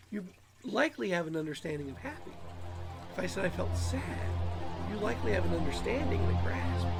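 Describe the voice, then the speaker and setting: A man with a high voice and vocal fry hosts his channel, a bit nasal from allergies. He rambles and muses through a self-help monologue, repeating words.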